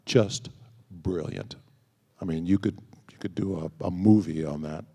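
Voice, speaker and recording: A man's voice: low-pitched, measured pace, creaky, warm tone, husky. A man answering fan questions as a convention panel guest, telling anecdotes and acting out quoted dialogue. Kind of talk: storytelling Q&A answers. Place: large convention hall. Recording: long hall reverb.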